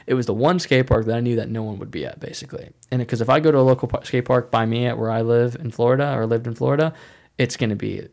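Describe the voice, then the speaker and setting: A man's voice: medium pitch, quick pace, gravelly, darkish tone. A young man telling a personal faith testimony in a casual, rambling way, full of "like" and restarts. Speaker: speaker sharing a faith testimony.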